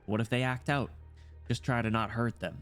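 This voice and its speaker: A man's voice: medium pitch, fairly even intonation, normal speed, a bit bright, soft background music, close to an everyday voice. A man reading aloud, voicing a hot-tempered young woman soldier of a rebel group in a game story, menacing and clipped.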